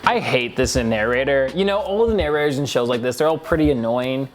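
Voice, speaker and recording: A man's voice: mid-range voice, animated, fairly quick, noisy background. A man reviewing a reality show, sarcastic and crude, laughing often at the clips. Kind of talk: comedic commentary over clips.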